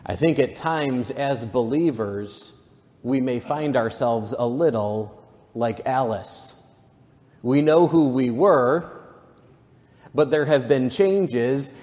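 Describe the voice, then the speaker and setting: Slow, mellow-voiced pastor preaching. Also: male voice, a little high, in a large hall. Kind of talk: sermon.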